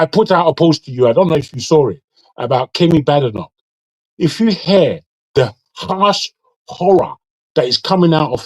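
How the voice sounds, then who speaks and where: A man's voice: mid-range voice, no echo, rough recording. A man from Nigeria who grew up in Britain, arguing bluntly in a heated casual debate, swearing and repeating his words. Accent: British English with Nigerian touches. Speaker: discussion panelist.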